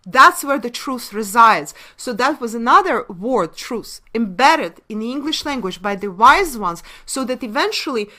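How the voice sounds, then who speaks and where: Presenter: woman, Russian accent, native Russian speaker, bright and fairly high voice, emphatic lecture delivery. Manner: emphatic, asks rhetorical questions and answers them. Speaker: webinar presenter. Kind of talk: lecture on word origins.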